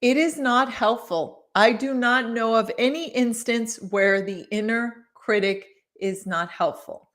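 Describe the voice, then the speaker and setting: Slow, gushing woman reading live. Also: on the high side. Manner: warm, gushing, chats with viewers between passages. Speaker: author reading her book on a live stream. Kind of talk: live-streamed book reading with chat.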